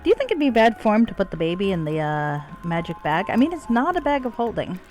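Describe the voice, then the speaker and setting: A woman's voice: medium pitch, big pitch swings, fast talker, darkish tone. A woman streamer casually chatting while playing, sweary and self-mocking, with faint game music behind her. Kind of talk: casual gameplay commentary.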